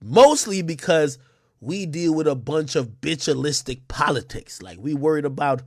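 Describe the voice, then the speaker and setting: A man rants on a livestream in a loose, profane way and breaks into mocking impressions. His voice sits high and swings wildly in pitch. The sound is dry and close, with no room around it. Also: animated, normal speed, no room sound. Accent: New York. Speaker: livestream host. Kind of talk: unscripted livestream rant.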